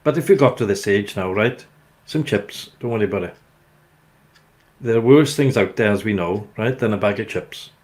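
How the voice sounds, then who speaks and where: A man's voice: fairly low pitch, moderate pace, a little mellow. An older man with a Welsh accent, hosting a casual chat and telling rambling, jokey stories. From Wales. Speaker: host.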